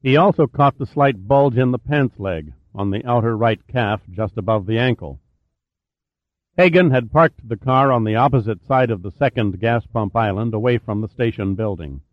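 A man narrating a thriller audiobook in a steady, measured reading voice. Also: medium pitch, no echo, lo-fi sound.

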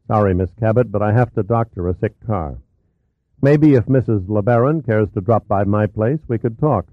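A man voicing a curt, sarcastic male adventurer in an audiobook, his low voice carrying dry indifference. The sound is thin and phone-like, with no reverb. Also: moderate pace, natural voice.

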